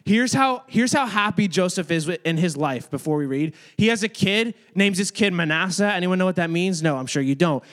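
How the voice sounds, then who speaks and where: A man's voice: sits high, lively intonation, fairly quick, hardly any pauses, a bit bright. A man giving a casual, chatty Bible lesson to a room of kids, talking to them directly. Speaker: youth or kids' ministry teacher. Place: room with children.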